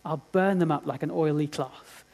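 A tender male savior figure , voiced by a preacher, pleads softly and slowly. The tone is earnest and intimate, with a slightly high pitch. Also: gravelly. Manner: gentle, slow, earnest.

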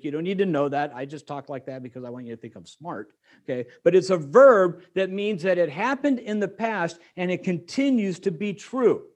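Male pastor, middle-aged, slightly higher voice, chatty sermon with jokes. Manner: conversational, joking asides to the congregation.

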